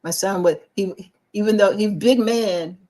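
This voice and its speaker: Her voice mid-range and her pace moderate, a middle-aged co-host shares a personal tale on a talk show. She's a lively narrator who impersonates those she quotes and restarts often.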